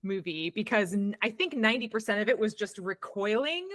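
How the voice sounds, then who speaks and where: A woman's voice: mid-range voice, lively intonation, fairly quick. A young woman co-hosting a casual movie chat, with a dry, sarcastic edge and frequent laughter. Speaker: podcast co-host.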